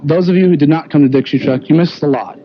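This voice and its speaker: A man's voice: fairly high pitch, fast, a little hiss or hum. A man reporting live for television from a fan convention, chatty and promoting the event. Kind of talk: live broadcast commentary. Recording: dull old broadcast on videotape.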